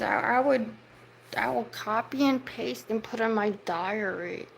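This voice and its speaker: A woman's voice: mid-range voice, vocal fry, slight background noise, poor audio. A woman livestreaming, ranting heatedly at her viewers' comments and swearing as she scolds them. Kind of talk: livestream rant at chat.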